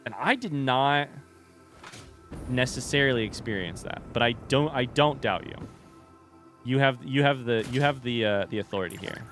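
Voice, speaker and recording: A man's voice: mid-range voice, moderate pace, over music. A young man streaming a game, chatting casually with his viewers in a rambling, joking way and often breaking off mid-sentence. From United States. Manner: rambling, self-interrupting, joking asides. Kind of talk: casual livestream chat with viewers.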